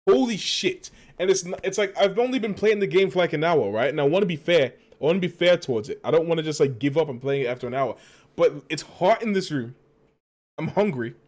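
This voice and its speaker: A man's voice: fairly high pitch, expressive, fast talker, a little mellow. A man streaming a video game, ranting in an exasperated, profane way. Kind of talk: casual live-stream commentary.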